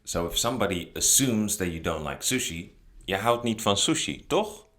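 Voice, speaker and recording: A man with a Dutch accent, a native Dutch speaker, calmly explaining a language lesson and acting out example sentences. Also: low voice, moderate pace. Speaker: language teacher.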